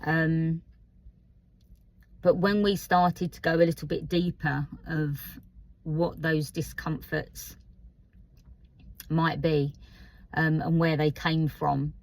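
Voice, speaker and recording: A woman in her fifties with an Essex accent talks slowly and openly to the camera, pausing often and filling gaps with soft fillers. Her voice sits on the lower side, and a faint nervousness runs under her unhurried, reflective delivery. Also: fairly even intonation, no room sound, low-quality recording. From Essex, England. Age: 50s. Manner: hesitant, candid, many pauses and fillers. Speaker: vlogger. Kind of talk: personal reflective vlog.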